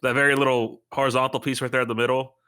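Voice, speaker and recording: Knifemaker, male, casual storyteller who acts out his exchanges, bright and forceful tone. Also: mid-range voice, little pitch movement, rapid-fire, smooth. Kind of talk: casual podcast chat.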